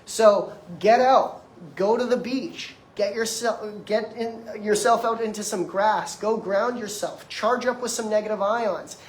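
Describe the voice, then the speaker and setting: A man's voice: high voice, unhurried, slight background noise. Young man in his twenties, emphatic motivational speaker addressing a live audience, recorded in a reverberant room. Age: 20s. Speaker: detox practitioner giving a lecture. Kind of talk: motivational lecture. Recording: echoey room.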